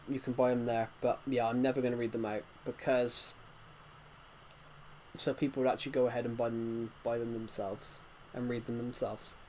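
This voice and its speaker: A man's voice: mid-range voice, darkish tone, a little hiss or hum. A man casually chatting to viewers while streaming a game, rambling and restarting sentences as he reacts to the chat. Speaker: game livestreamer.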